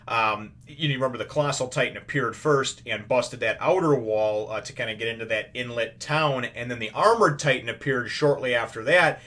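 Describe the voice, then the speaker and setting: A man's voice: medium pitch, brisk, hardly any pauses, bright, forceful tone. A man hosting a casual anime review, recapping an episode in a rambling, conversational way with occasional swearing. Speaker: anime reviewer, show host.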